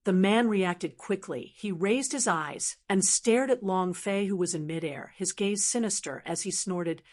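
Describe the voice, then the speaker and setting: A woman narrating a fantasy audiobook in a steady, even storytelling manner. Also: medium pitch, a little slow, hardly any pauses. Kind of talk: scripted narration.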